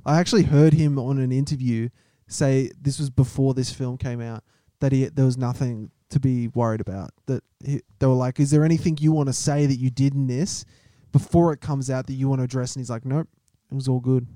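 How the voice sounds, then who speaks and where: A man with an Australian accent co-hosting a casual comedy podcast, telling stories in a relaxed way. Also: mid-range voice, fairly quick, hardly any pauses, no room sound. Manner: laid-back storyteller, laughs easily. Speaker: podcast co-host.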